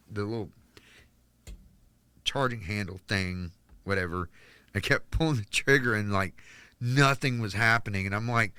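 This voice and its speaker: A man from North Carolina telling a candid personal story as a podcast guest, halting with restarts and fillers. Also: fairly low pitch, expressive, bright, forceful tone, smooth, no echo. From North Carolina, United States.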